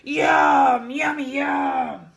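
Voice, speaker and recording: A woman's voice: high voice, fairly even intonation, creaky, lo-fi sound, voice pushed up, exaggerated voice. A woman doing a playful dad as a roaring monster. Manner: loud, teasing, drawn-out growly threats.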